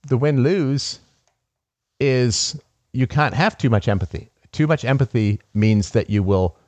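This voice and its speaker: A man hosting a call-in talk show in a dry, close recording. He speaks emphatically and often repeats his key phrases for weight, sometimes laughing at his own anecdotes. His pitch sits in an ordinary middle range. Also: a little slow, darkish tone, no room sound. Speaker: podcast host. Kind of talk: call-in conversation.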